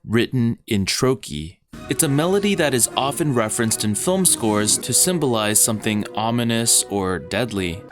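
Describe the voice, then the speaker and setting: A man's voice: medium pitch, expressive, normal speed. A man hosting a video essay, explaining verse and music in a scripted, lightly playful narration.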